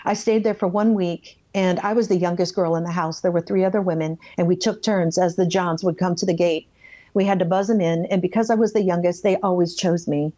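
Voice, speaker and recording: A woman with a warm, mellow voice recounts her life in an interview. She speaks bluntly and plainly, and she dramatizes the thoughts she had back then as she tells it. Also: lowish voice, steady tone, a little fast. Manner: vivid storyteller who acts out her own past thoughts; blunt, plain-spoken, self-censors swearing. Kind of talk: candid personal testimony.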